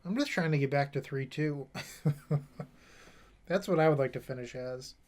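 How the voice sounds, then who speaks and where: A man's voice: mid-range voice, a little slow, a little mellow. A man casually commentating his own card game play, rambling with self-mocking asides. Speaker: gameplay streamer.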